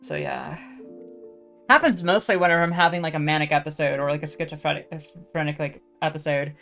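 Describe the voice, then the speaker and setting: A woman's voice: low voice, a little fast, gravelly, fairly bright tone, soft background music. A woman hosting a loose, rambling solo talk, restarting sentences constantly, packed with fillers and casual swearing. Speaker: podcast host.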